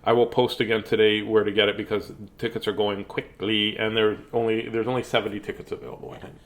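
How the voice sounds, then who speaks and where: A man's voice: on the low side, flat delivery, fast talker. Brief: a man hosting a book read-aloud stream, easygoing and playful, chatty with restarts. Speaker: host reading picture books. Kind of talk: casual livestream chat and read-aloud.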